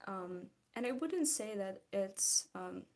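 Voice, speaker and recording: Belarusian woman, drawing-stream chatter, slow and easygoing, restarts lines, reads chat aloud. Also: mid-range voice, animated, a little mellow. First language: Belarusian or Russian. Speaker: vlogger. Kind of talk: casual chat while drawing.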